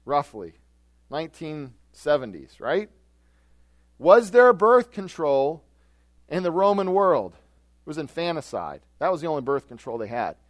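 A male pastor delivering a sermon in a chatty, questioning style. His voice sits a bit high for a man and he keeps tossing rhetorical questions at the congregation. The sound is dry and close. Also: very animated, measured pace, no echo. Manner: conversational, asks rhetorical questions with tag "right?".

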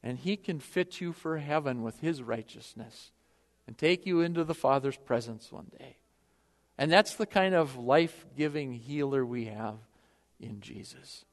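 A man preaching a sermon with passion, swinging between loud appeals and hushed prayer. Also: medium pitch, animated, unhurried, long reverb tail.

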